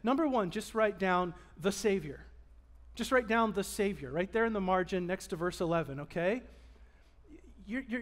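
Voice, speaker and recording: Male pastor, high-pitched voice, lively sermon delivery with call-and-response, church sanctuary. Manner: animated, emphatic preaching with audience call-and-response.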